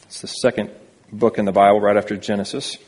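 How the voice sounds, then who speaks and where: A man's voice: fairly low pitch, little pitch movement, fast talker, a little mellow, husky, in a large hall. A man preaching a sermon as a pastor, reading scripture aloud and explaining it earnestly in a church sanctuary.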